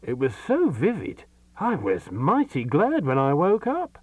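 A man's voice: a little high, wildly swooping pitch, unhurried, darkish tone, dry recording, pitched above the performer's own voice, exaggerated voice. A man voicing a fretful man recounting a bad dream in an audiobook reading. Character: man in silk pajamas, anxious, chatty.

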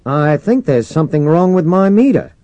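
A man voicing a wary male spaceship commander who speaks in a guarded, sarcastic way, raised well above his narrating pitch. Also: big pitch swings, moderate pace, mellow, no room sound, muffled recording.

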